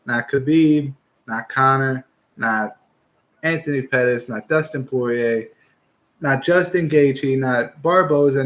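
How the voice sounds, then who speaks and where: A young man hosting a casual fight-picks show, talking in a blunt, opinionated and profane way. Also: on the high side. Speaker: podcast host giving fight picks.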